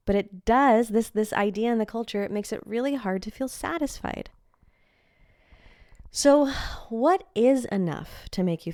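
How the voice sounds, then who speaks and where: A woman's voice: fairly high pitch, darkish tone, no room sound. A woman hosting a personal podcast, talking in a candid, enthusiastic, confessional way close to the mic. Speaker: podcast host.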